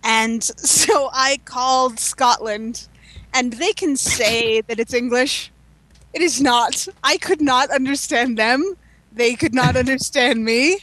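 A woman's voice: high-pitched, slow, a bit bright, no echo, low-quality recording. A woman chatting casually on a podcast, laughing as she talks. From United States. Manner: chatty, laughs while talking.

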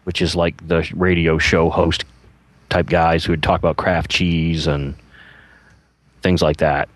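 Deep voice guy, slow talker, bouncy delivery, joking around on a podcast. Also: flat delivery, no echo. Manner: playful, teasing. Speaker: podcast co-host. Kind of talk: casual chat.

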